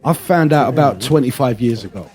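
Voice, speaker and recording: A man with an East London accent, chatting in an animated, chummy way on a podcast. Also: mid-range voice, a little fast, husky. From Hackney, London. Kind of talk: casual chat.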